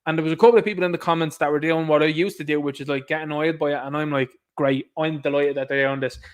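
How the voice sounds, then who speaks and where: A man's voice: on the high side, fairly even intonation, very fast. A man with an Irish accent hosting a livestream, ranting with sarcastic indignation and calling his listeners lads. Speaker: livestream host.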